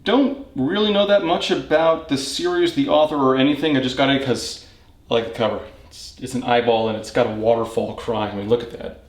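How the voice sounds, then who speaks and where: A man's voice: medium pitch, brisk. A man hosting a casual, rambling book tour from his home reading nook, with wry joking asides. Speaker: book channel host. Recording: echoey room.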